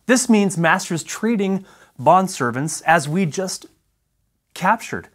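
Man preaching a deliberate, emphatic sermon. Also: high voice, expressive. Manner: emphatic, deliberate teaching with slowed key phrases. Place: church.

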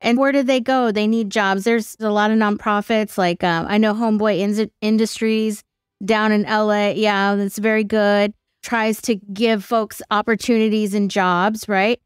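Smooth-voiced woman podcast host. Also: mid-range voice, steady tone, unhurried, no echo, studio quality. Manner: engaged, affirming, thinks aloud. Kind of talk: conversational interview.

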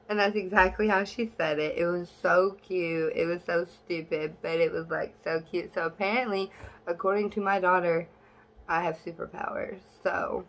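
This is a young woman talking casually to her own camera. She is blunt and sassy, swears without a second thought, and shoots up high in pitch whenever something annoys her. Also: fairly even intonation, normal speed, a bit bright. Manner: voice jumps high when exasperated. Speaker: vlogger.

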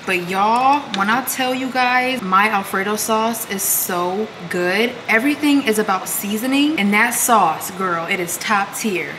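A woman's voice: medium pitch, measured pace, hardly any pauses, noisy background. A young woman chatting casually to camera at home, talking to viewers like friends. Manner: chatty, calls viewers "girl" and "y'all". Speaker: vlogger. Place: home, kitchen and bedroom.

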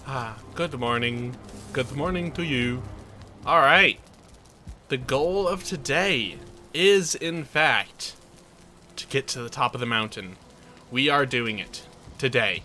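A man's voice: mid-range voice, slow, long pauses, sharp tone, faint music behind. A man giving playful, chatty let's play commentary as he tours his game base, joking at his own expense. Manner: playful, chatty and self-mocking. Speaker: gaming channel host.

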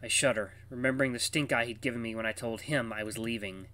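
A man's voice: on the low side, fairly even intonation, quick pace, few pauses, pushed and bright. A man reading a visual novel aloud in a casual way, with asides to his viewers. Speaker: game streamer.

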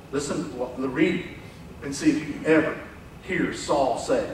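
A man preaching a sermon as pastor, animated, acting out quoted voices and dropping from loud to hushed. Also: mid-range voice, unhurried, a little hiss or hum. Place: church sanctuary. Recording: echoey church hall from far off.

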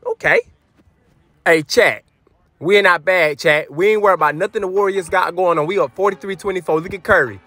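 A young man giving loud, animated trash-talk commentary over his basketball video game to his chat, sometimes slipping into a sing-song. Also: high-pitched, fairly quick. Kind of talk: hyped gameplay commentary.

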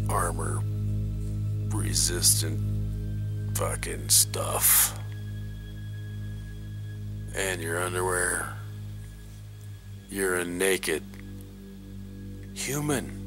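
A man delivering a profane, ranting monologue in a low voice. He talks slowly, dropping to hushed whispers and then bursting into shouts. Faint music plays softly underneath. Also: vocal fry. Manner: heavy swearing. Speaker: video creator.

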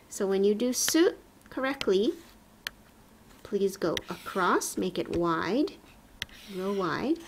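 Slow, patient woman teaching a lesson. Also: medium pitch, slight background noise. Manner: patient, repeats sounds slowly and distinctly. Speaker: Japanese teacher. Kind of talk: slow, clear classroom instruction.

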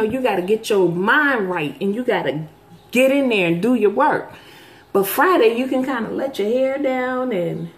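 A middle-aged woman with a somewhat high voice chats casually with her viewers. She tells her stories in a lively way and jumps well up in pitch whenever she acts out the people she quotes. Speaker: vlog host.

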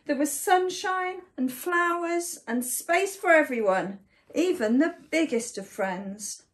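A woman reading a picture book aloud for children in an animated, sing-song storytime manner. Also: high voice, slow. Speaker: storytime reader.

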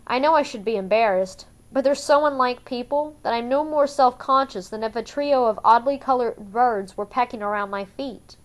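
Female fan audiobook reader, slightly high, measured and subdued first-person narration.

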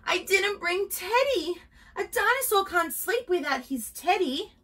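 A woman's voice: extremely high pitch, big pitch swings, unhurried, bright, forceful tone, recorded from a distance, pitched above the performer's own voice, full character voice. A woman voicing an anxious, timid young male dinosaur in a storybook reading, in a fretful, pleading way. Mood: nervous.

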